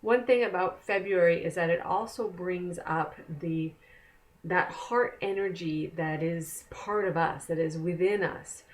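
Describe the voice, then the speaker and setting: A woman's voice: fairly low pitch, a little slow, a little hiss or hum. A woman oracle card reader, chatting casually and conversationally to the camera from a desk at home. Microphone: camera mic.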